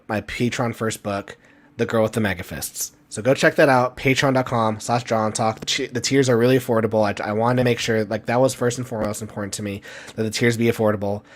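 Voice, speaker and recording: Man ranting on a live stream. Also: fairly low pitch. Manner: animated, ranting, repeats himself. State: sick, tired. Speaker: comic artist and channel host.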